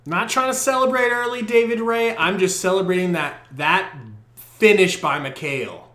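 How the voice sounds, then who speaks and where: Excitable fan calling a game live. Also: male voice, sits high, normal speed, roomy sound. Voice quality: profane, partisan fan commentary. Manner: excitable, swings from muttering to shouting. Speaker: podcast co-host doing live play-by-play. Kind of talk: live fan play-by-play reaction stream. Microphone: poor quality microphone.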